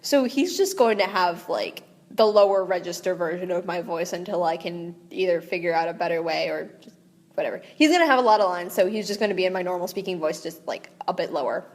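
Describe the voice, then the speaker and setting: A woman's voice: on the low side, fairly quick. Young woman rambling between read passages. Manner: rambling, giggly asides. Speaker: amateur audiobook reader. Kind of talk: reading aloud with casual commentary. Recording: echoey room with long reverb.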